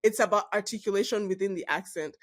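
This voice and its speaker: A woman from Nigeria with a Nigerian English accent, hosting a casual podcast interview, animated and emphatic, laughing often and restarting her sentences. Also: medium pitch, quick pace. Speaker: podcast host.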